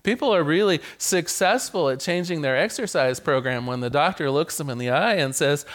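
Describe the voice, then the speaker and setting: A man preaching a sermon to his congregation as their minister, playful and animated, sometimes stumbling over a word and starting the phrase again. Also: a little high, moderate pace, few pauses. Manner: animated, playful, with repeated stammered restarts.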